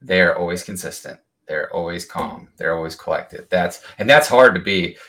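A man co-hosting a podcast, talking animatedly and breaking into excited exclamations. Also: sits low, moderate pace. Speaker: podcast co-host. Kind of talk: casual chat.

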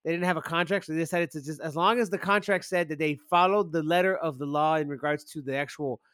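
A man co-hosting a podcast in casual chat, excitable and rambling, swearing often. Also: on the high side, fast, dry recording. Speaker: podcast co-host.

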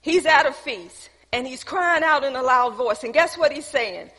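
High, bright-toned woman preaching a sermon. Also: moderate pace, breathy edge. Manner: preaching with questions to the congregation and casual asides. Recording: long hall reverb.

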